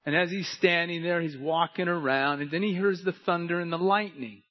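High-pitched preacher guy telling a story in a sermon, a bit muffled sound. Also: normal speed. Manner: storytelling, shifting between hushed and emphatic.

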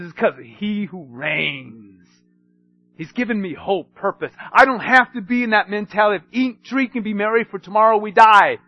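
Animated male preacher, high voice. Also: normal speed, no echo. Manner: swings between hushed and emphatic, storytelling. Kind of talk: sermon.

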